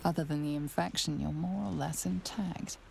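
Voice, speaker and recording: A woman's voice: sits low, steady tone, vocal fry, a little mellow, slight background noise. A woman voicing a grave, ominous game narrator who speaks in the second person and leans on certain syllables. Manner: measured, stressing certain syllables. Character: grave omniscient female storyteller, calm and ominous.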